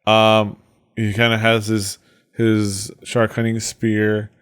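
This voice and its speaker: A man's voice: lowish voice, monotone, takes it slowly, a bit bright, clean tone. A man running a tabletop game as game master, narrating with many hesitations and restarts.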